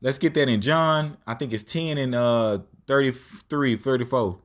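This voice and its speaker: A man's voice: medium pitch, measured pace. A man teaching scripture informally, reading verses aloud and then paraphrasing them in casual, slangy, emphatic speech. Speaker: religious teacher.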